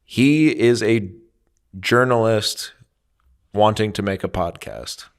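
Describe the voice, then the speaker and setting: A young man from the American Midwest co-hosting a comedy podcast, making wry, sarcastic remarks in quick asides. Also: on the low side. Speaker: podcast co-host. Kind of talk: casual comedic chat.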